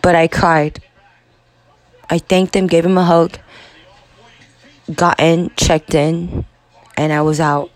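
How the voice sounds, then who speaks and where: A young woman in her twenties hosts a podcast, telling a personal story in a halting, profane confessional monologue. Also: deep voice, fairly even intonation, dry recording. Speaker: podcast host.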